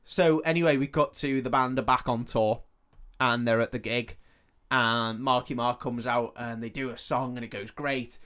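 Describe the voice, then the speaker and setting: A man's voice: medium pitch, steady tone, normal speed, few pauses, fairly bright tone, clear, resonant tone. Laughing man retelling a film. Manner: sweary, laughs often, acts out characters' lines. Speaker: podcast co-host. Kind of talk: casual film podcast chat, retelling the plot.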